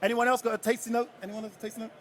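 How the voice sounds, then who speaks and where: A man with a high, bright-sitting voice runs a live tasting session on stage, quizzing the crowd and cracking jokes. He talks in a loose, chatty way and keeps the audience involved. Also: level tone, rapid-fire. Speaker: rum ambassador leading a tasting.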